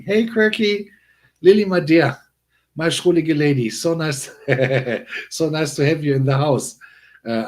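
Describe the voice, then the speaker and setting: A man hosting a casual livestream, chatting with viewers in a rambling, animated way with frequent restarts and chuckles. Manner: bursts of high-pitched excitement. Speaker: livestream host. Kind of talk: casual livestream chat, talking to chat.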